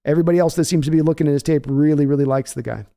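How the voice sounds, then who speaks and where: Mellow-voiced man chatting casually. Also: on the high side, steady tone, very fast, gravelly. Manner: thinks aloud, frequent restarts. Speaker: podcast host answering viewer questions. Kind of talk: casual chat.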